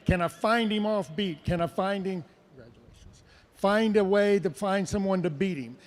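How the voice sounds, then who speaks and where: A man giving a livestock judge's reasons in an earnest, halting way, heard over a public address system. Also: high-pitched. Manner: earnest, halting, repeats himself. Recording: echoing arena PA from afar.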